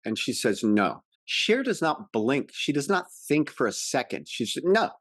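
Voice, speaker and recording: Animated man recapping a movie. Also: mid-range voice, measured pace, dry recording, studio quality. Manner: animated, acts out movie quotes in voices. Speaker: podcast co-host. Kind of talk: casual movie recap chat.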